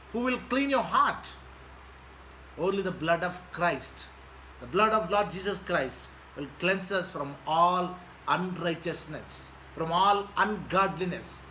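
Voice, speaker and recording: A man's voice: high-pitched, bright, forceful tone, a little hiss or hum, low-quality recording. A male pastor preaching a sermon, repeating phrases in an earnest, pleading way.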